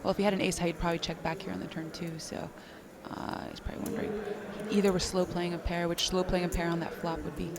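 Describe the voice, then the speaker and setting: A woman's voice: quick pace, hardly any pauses, heavy background noise. A young adult woman doing playful, giggly banter as a poker commentator on a live broadcast. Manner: playful, giggly, lively pitch swings.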